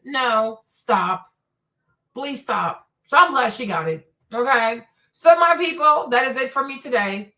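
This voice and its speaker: A woman's voice: a little high, animated, a little slow, bright, forceful tone. A woman hosting a streamed commentary show, talking emphatically and repeating words for stress. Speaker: host.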